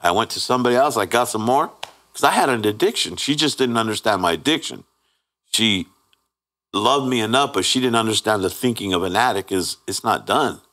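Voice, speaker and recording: Lively in intonation and fairly quick, a man with a fairly low pitch and fairly bright tone shares his personal testimony as a guest. An earnest, plain-spoken storyteller, he acts out quoted voices, restarts frequently, and keeps asking "right?".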